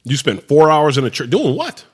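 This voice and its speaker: A man's voice: a little high, very animated, normal speed, breathy edge. A man co-hosting a podcast in casual comedic chat, swearing freely, laughing often and stumbling over restarts. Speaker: podcast co-host.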